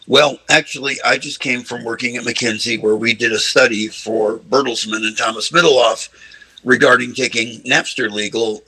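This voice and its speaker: A man on a video call recounting a meeting in brisk detail. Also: medium pitch, sharp tone, husky, rough recording. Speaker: guest panelist. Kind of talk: casual online panel anecdote.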